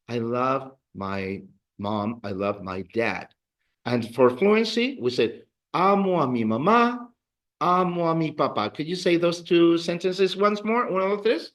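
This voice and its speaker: In a beginner Spanish classroom lesson, a man patiently repeats words for drills and encourages his students. He has a high, somewhat bright voice.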